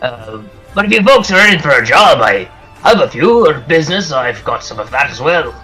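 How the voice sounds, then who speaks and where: A man's voice: a little high, very animated, moderate pace, sharp tone, faint music behind, low-quality recording. A man voicing a swaggering, one-handed old pirate captain in a tabletop game, boastful and bluffing. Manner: boastful, bluffing, folksy sailor talk.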